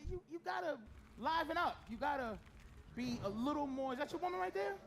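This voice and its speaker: A middle-aged man doing stand-up crowd work, teasing people in the audience, swinging from shouts to mutters. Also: very high-pitched, lively intonation, fairly quick, creaky. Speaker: stand-up comedian. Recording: loud noisy live club recording.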